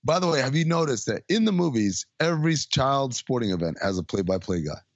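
A man's voice: medium pitch, big pitch swings, fairly quick, no room sound, highs cut off. A man co-hosting a podcast, chatting playfully about a film and acting out its lines. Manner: playful, acts out quoted lines. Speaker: podcast co-host. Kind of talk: casual movie podcast chat.

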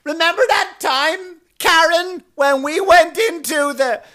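Brief: a man playing a loud, chatty woman who heckles at a comedy club without noticing, very high and slow. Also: full character voice. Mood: gushing.

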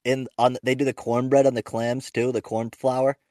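Young new dude on a podcast, rambly, swears a lot, mid voice, dead dry mic. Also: male voice, mid-range voice, little pitch movement, normal speed, a little mellow, dry recording. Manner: rambling, profane, self-interrupting anecdotes. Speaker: podcast host and stand-up comic. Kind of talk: casual podcast storytelling.

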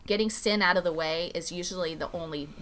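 A woman pastor talking casually about faith in a podcast interview, animated and full of "like" fillers, acting out quoted dialogue. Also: fast, a little hiss or hum. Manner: animated, acts out quoted dialogue with big pitch jumps. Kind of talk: conversational faith teaching.

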